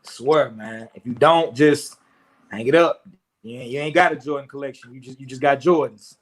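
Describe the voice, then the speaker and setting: A man's voice: medium pitch, moderate pace. A man from St. Louis talking casually about his sneakers, rambling and leaning on "you know what I'm saying". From St. Louis, USA. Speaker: sneaker battle contestant. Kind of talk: casual chat.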